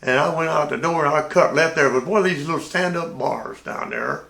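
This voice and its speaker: Gravelly older man telling a story. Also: fairly high pitch, brisk, roomy sound. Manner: folksy, animated storytelling with restarts. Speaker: navy veteran storyteller. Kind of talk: casual spoken anecdote.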